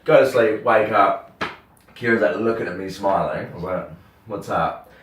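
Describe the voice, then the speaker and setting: A young man with a New Zealand accent, a radio host telling a story in casual chat, animated and acting out the dialogue, swearing freely. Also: fairly low pitch, normal speed, slight background noise. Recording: roomy sound from a distant mic.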